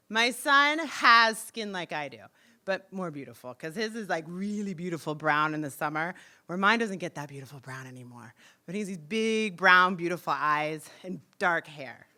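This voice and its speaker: A woman in her forties telling a personal story on stage, lively, acting out the voices she quotes. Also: medium pitch. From United States. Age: 40s. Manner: animated, acts out quoted voices.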